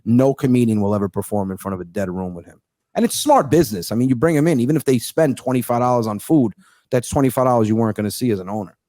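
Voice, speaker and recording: Animated young comedian, profane and dry-miked. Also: male voice, medium pitch, fast, dry recording. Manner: animated, profane, acts out other people's lines. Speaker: guest comedian. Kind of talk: casual storytelling chat.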